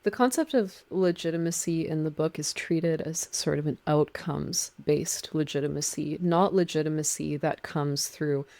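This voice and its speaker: A woman author explaining a legal argument in a measured, precise way. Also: sits low, vocal fry, darkish tone. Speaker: guest, book author on marine law.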